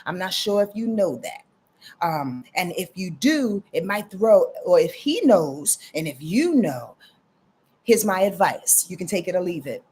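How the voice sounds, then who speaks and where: A woman's voice: lowish voice, lively intonation, unhurried, a little mellow, husky. A woman astrologer giving casual live readings, talking straight to her viewers with lots of "y'all" and "you dig?".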